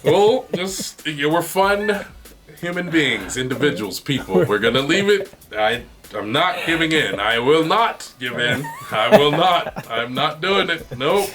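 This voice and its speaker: Lively, playful male podcast host. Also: a little high, unhurried, over music. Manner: playful, jokey, often laughing. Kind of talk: casual chat.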